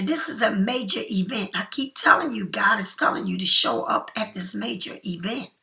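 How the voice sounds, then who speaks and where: Woman, middle-aged, casual tarot reading, gravelly, fairly high, chatty and emphatic. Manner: chatty, emphatic, slips into slow soft whispers. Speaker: tarot card reader.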